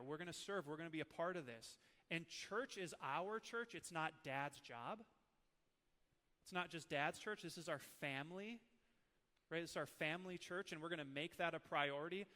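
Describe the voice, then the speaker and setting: A man in his thirties, a preacher from Minnesota, teaching with animated, emotional personal stories. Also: a little high, in a large hall.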